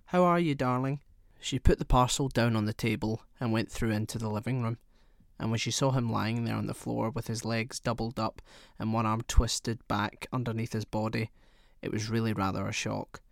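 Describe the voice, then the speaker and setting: A man's voice: on the low side, flat delivery, gravelly, no room sound. Dry, close male story narrator. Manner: measured, storytelling delivery. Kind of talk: audiobook narration.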